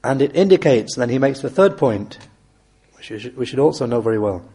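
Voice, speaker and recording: Male religious teacher, mellow and husky, deliberate and measured explaining, quick recitation. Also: mid-range voice, animated. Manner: measured and deliberate, reciting Arabic verses quickly then translating slowly. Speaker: Islamic teacher. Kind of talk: explaining a classical text in a lesson.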